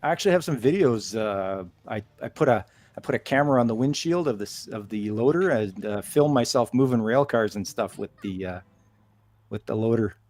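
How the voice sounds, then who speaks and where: A man's voice: lowish voice, expressive, a little fast, darkish tone. A man with a Canadian accent who operates heavy equipment, chatting casually and telling stories with chuckles. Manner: chuckling, storytelling. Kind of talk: casual voice chat.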